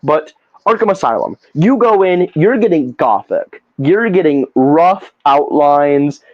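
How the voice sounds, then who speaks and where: A podcast co-host rants in a profane, animated way, his voice sitting a bit high for a man. The sound is dry and slightly dull, like lo-fi podcast audio. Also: slow pace, dry recording. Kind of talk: casual podcast chat.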